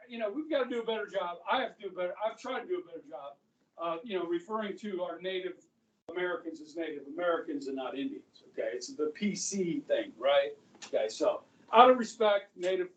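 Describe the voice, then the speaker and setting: A man's voice: sits high, muffled recording, slight background noise. A middle-aged man teaching history to a class, chatty, who keeps checking in with "okay?". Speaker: high school history teacher. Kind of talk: classroom lecture. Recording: echoey classroom from far off.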